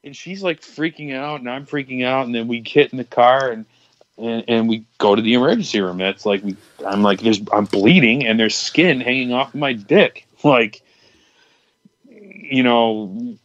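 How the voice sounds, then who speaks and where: A man's voice: mid-range voice, a little slow, a bit bright, no echo, highs cut off. Rambling young man telling a crude story. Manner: rambling, candid, crude storytelling with many restarts. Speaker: podcast co-host. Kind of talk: casual storytelling chat.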